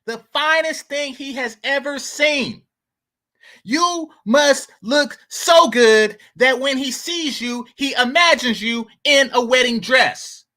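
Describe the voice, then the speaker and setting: A man's voice: very high-pitched, slow, pushed and bright. A man giving blunt, mocking reaction commentary.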